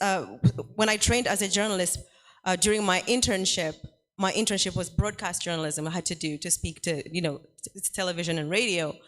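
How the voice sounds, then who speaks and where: A woman writer talks on a literary festival panel in a low-pitched voice. She speaks candidly, laughs easily and drops in the odd filler. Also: a bit bright. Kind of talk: panel discussion talk. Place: festival hall.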